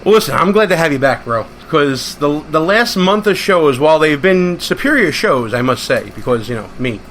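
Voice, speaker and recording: A man's voice: fairly high pitch, animated, moderate pace, fairly bright tone, a little hiss or hum. A man hosting a political talk show, speaking in an emphatic, rallying, conversational way. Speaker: host.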